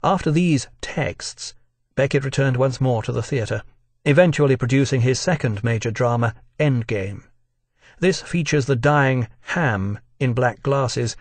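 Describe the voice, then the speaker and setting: Measured male documentary narrator, dry sound. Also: mid-range voice, no room sound. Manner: measured, deliberate delivery.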